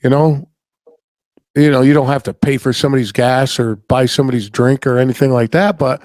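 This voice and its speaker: A middle-aged man hosting a podcast, with a blunt, folksy, rambling way of telling stories and swearing freely. His voice sits at an ordinary male pitch and sounds close and dry, with no room around it. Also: fairly even intonation, brisk, a little mellow, no echo. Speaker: podcast host. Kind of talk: casual storytelling chat.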